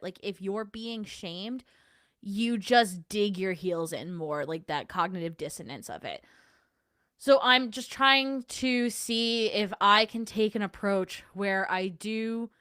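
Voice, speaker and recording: A woman's voice: medium pitch, fairly bright tone, smooth, no echo, studio quality. A young adult woman hosting a casual livestream, chatting and answering her chat in a self-deprecating way. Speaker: livestream host.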